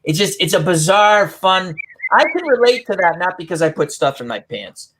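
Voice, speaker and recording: A man's voice: high voice, big pitch swings, moderate pace, fairly bright tone. Rambling, giggly male chat host. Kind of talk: casual chat.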